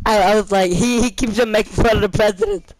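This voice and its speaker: A man's voice: high-pitched, steady tone, quick pace, background noise. An American man in casual gaming voice chat, rowdy and teasing, swearing often. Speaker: gamer in voice chat.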